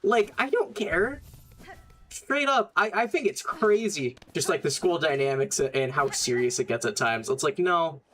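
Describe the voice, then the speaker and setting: A man's voice: a little high, animated, moderate pace, fairly bright tone, slight background noise. A young man casually commenting while streaming a game, blunt and rambling, swearing often.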